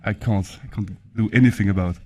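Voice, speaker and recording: A man with a French accent chairing a conference panel, speaking haltingly with many fillers and restarts. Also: fairly low pitch, dark tone. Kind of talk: formal conference speech.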